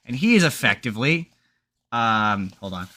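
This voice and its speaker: A man's voice: medium pitch, sing-song, normal speed, pushed and bright, slight background noise. A man co-hosting a podcast, chatting casually and rambling through movie plots with lots of fillers and restarts. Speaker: podcast co-host. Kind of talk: casual chat.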